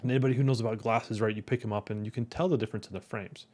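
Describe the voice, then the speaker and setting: A man's voice: lowish voice, steady tone, racing, darkish tone. A man telling a casual, rambling story as the host of a motivational talk, often tagging his sentences with "right?". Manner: rambling, keeps asking "right?".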